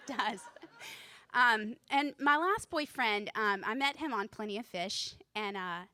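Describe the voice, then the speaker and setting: Bright-voiced nervous woman doing stand-up. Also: on the high side, lively intonation, unhurried. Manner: nervous, self-deprecating, laughs at her own jokes. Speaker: student stand-up comic. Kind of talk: stand-up comedy set. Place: comedy club stage.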